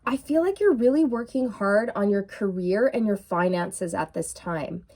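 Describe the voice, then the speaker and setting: A woman giving a casual, excitable tarot reading to her viewers, full of fillers and restarts, with a frog in her throat. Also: mid-range voice, normal speed. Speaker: tarot reader. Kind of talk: intuitive tarot reading to camera.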